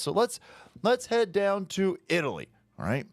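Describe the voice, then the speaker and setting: A man's voice: high voice, wildly swooping pitch, normal speed, no room sound. A man hosting a show, giving crude, mocking play-by-play commentary over video clips. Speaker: show host.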